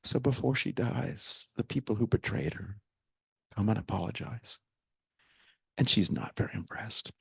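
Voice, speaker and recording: A man's voice: fairly low pitch, unhurried, creaky, slightly rough, dry recording. A man speaking as a guest at a public talk, animatedly retelling a story and acting out quoted lines, sometimes dropping almost to a whisper. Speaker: guest speaker, theater director. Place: library event hall with live audience.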